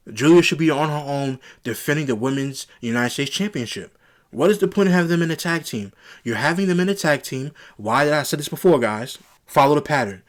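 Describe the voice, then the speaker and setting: A man reviewing a wrestling show on his own channel, ranting in an exasperated way and repeating rhetorical questions. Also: medium pitch. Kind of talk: opinionated solo review rant.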